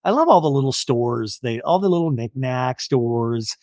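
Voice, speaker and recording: A man hosting a comedic podcast and recapping a reality show, animated and swearing, acting out the cast's lines. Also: mid-range voice, normal speed, dry recording, clean studio sound. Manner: animated, swears, acts out quotes. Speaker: podcast host.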